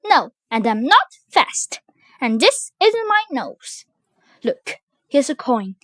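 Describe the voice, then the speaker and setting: A woman's voice: high-pitched, sing-song, slow pace, a bit bright, no echo, heavily acted. A woman voicing a bewildered young man caught in mix-ups. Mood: annoyed. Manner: puzzled.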